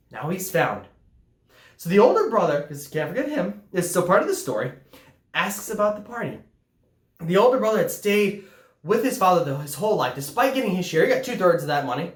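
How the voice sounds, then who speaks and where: Animated woman preaching in an echoey room. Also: fairly low pitch. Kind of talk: sermon.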